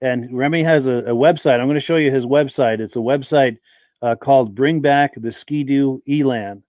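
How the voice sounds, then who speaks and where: A man's voice: medium pitch, moderate pace, darkish tone, no room sound. A man hosting a live-stream podcast who chats in a friendly way and welcomes viewers by name. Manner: reads viewer names aloud, friendly and welcoming. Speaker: podcast host.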